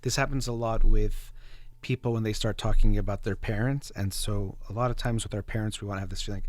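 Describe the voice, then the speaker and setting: Calm, reflective male therapist type; lower voice, dry close studio sound. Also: quick pace, no echo. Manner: calm, reflective, explains with examples. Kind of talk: conversational explanation on a talk show.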